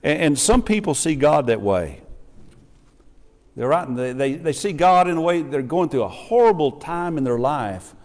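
A man's voice: fairly high pitch, lively intonation, normal speed, a little mellow. A middle-aged man preaches in a church, his voice rising and falling with a lot of animation. He drops into quoted voices to act out the people in his story. The sound rings out with a long hall reverb. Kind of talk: sermon. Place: church sanctuary.

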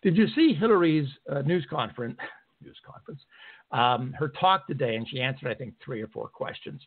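A man's voice: medium pitch, lively intonation, normal speed. A man hosting a talk radio show from a studio, ranting in a sarcastic, indignant way with many fillers. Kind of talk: political talk radio monologue. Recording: narrow phone-like sound.

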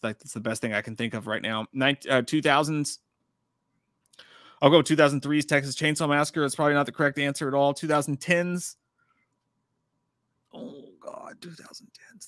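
Bright-voiced, profane man on a livestream. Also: on the high side, dry recording, clean studio sound. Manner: profane, frantic, self-deprecating. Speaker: podcast co-host. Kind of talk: casual livestream chat.

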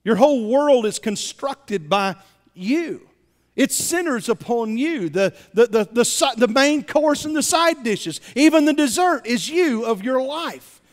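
A man preaches from the pulpit in a high-pitched voice. He stumbles and repeats himself as he builds momentum toward each point. The sound rings out with the long reverb of a church sanctuary. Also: measured pace. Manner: animated, repeats words while building to points, rising loud emphasis. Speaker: pastor. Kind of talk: sermon.

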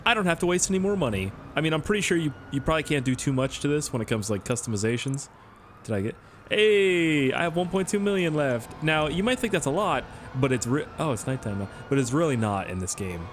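A man's voice: a little high, expressive, fast talker, few pauses, slight background noise. A young Canadian man with a Canadian accent giving rambling, joking gameplay commentary and swearing often. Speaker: gaming YouTuber.

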